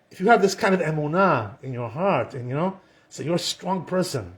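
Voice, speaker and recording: High-voiced male rabbi, talkative storyteller teaching a casual lesson. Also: animated, brisk, a bit bright, slight background noise. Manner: chatty, peppered with "you know" and Hebrew terms, acts out quotes.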